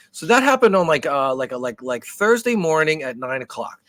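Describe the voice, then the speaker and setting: A man co-hosting a podcast, telling a long casual story in an animated, profane, rambling way with many restarts. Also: mid-range voice, fairly quick, no room sound. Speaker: podcast co-host.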